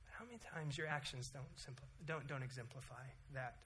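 A man in his thirties preaching a sermon in a church, animated, rising loud for emphasis and dropping quiet to pray. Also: a little fast, a little hiss or hum. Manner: animated, rises loud and high for emphasis, then drops to quiet prayer. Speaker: pastor. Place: church sanctuary.

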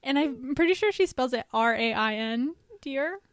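A young woman with a high, bright-pitched voice reads children's holiday letters aloud on a casual podcast, breaking into giggles and soft asides. Her voice is close and dry, with no room around it. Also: lively intonation, normal speed, no room sound. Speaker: podcast co-host.

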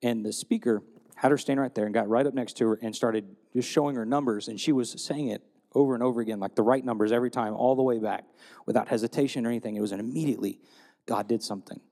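A man preaching a sermon, telling stories and retelling scripture in a lively storytelling way. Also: mid-range voice, fast, long reverb tail. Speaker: pastor.

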